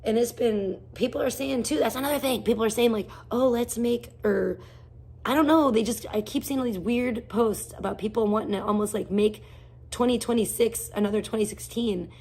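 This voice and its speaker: Husky-voiced woman ranting profanely. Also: a little high, fairly quick, darkish tone. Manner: blunt, heavily profane, rambling rants; greets chat viewers by name mid-rant. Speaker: live streamer. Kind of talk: casual ranting livestream chat.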